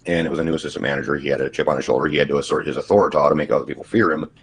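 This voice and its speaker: A man on a casual livestream call who talks with a slight stutter and halting restarts. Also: fairly even intonation. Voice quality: husky, deep, smooth voice. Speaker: guest.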